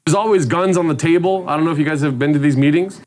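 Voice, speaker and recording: A man performing a stand-up routine, telling a story with deadpan punchlines. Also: on the high side, quick pace. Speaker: stand-up comedian.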